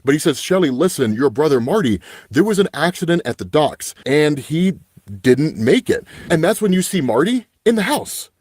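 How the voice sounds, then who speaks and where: Animated young man recapping a comic. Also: on the high side, moderate pace, breathy edge, no echo. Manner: animated storyteller, paraphrasing characters' dialogue with "right?" asides. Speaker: comic book channel host. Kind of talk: casual comic book recap.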